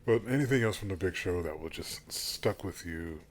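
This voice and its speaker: A man's voice: low-pitched, normal speed. A man co-hosting a casual podcast who laughs easily and keeps the chat going with follow-up questions. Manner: relaxed, laughs often, asks follow-up questions. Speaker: podcast co-host.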